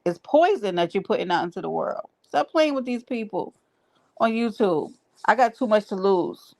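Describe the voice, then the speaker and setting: Her chat hears a gravelly voice of medium pitch as this woman hosts her livestream, casual in talk yet emphatic and preachy, circling back to repeat what she's said.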